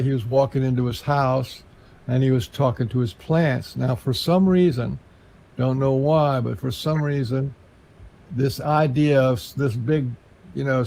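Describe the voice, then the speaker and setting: A man speaks at a middle pitch in a gravelly voice. His tone is dark and mellow. As an interview guest, he tells a long, winding story in an earnest way. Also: low-quality recording. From Texas.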